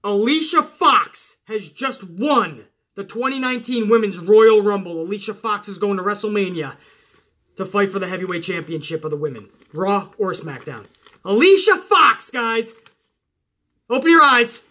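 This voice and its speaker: A man hosting a casual wrestling podcast, animated and chatty, swearing and talking straight to his listeners. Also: sits high, normal speed. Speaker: podcast host.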